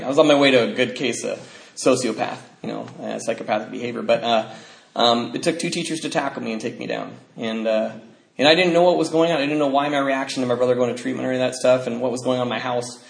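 A man's voice: medium pitch, vocal fry. A man giving a personal testimony to a live group, telling his story loosely with many fillers and laughing through the darker parts. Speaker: speaker sharing his recovery story. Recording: echoey room, faint background noise.

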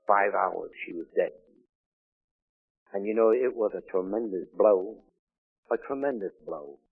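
An older man giving an earnest personal testimony at a recovery meeting, his voice dropping quiet and then rising loud. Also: on the low side, breathy edge, no echo. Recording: tinny, lo-fi old tape recording.

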